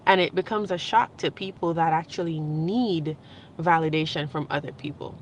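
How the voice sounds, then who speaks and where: A young woman with a fairly low voice talks straight to her camera in a loose, heartfelt vlog. She rambles, laughs often and gets emotional. Faint background hum stays under her voice. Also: normal speed. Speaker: vlogger. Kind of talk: casual spiritual vlog monologue.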